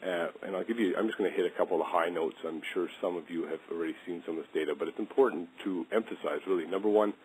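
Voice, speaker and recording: A man presenting slides in a policy webinar, relaxed and informal, with many fillers and hesitations. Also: deep voice, racing, few pauses, slight background noise, rough recording. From British Columbia, Canada.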